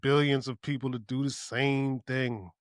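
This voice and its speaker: A man's voice: medium pitch, level tone, unhurried, no echo, clean studio sound. Laid-back, profane man on a podcast. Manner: loose, profane, agreeable. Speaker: podcast co-host. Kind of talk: casual podcast chat.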